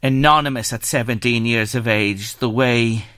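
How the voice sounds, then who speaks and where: An Irish man hosting a radio phone-in, speaking gently as he reads listener messages and asks his guest questions. His voice is mid-pitched, and the studio sound is close and dry. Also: steady tone, moderate pace, smooth, no room sound. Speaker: radio show host.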